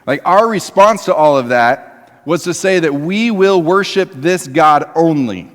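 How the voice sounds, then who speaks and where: A man preaching a sermon in a church, talking to the congregation conversationally and moving between emphatic raised passages and quiet, low ones. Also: lively intonation, measured pace. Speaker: pastor. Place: church sanctuary. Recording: long reverb of a church hall.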